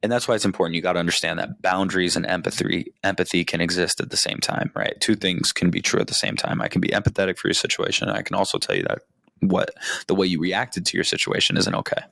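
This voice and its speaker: A man's voice: sits low, fairly even intonation, fast talker, vocal fry, sharp tone, dry recording. A man hosting a podcast, giving casual advice with lots of swearing and frequent "right?" check-ins. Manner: profane, conversational, keeps checking in with "right?". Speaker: podcast host.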